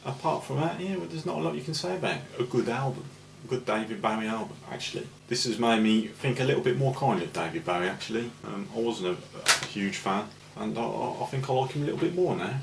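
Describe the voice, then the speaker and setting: A man co-hosting a casual album review, rambling with many pauses and ums. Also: medium pitch, expressive, vocal fry. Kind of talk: casual chat. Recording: echoey room with faint noise.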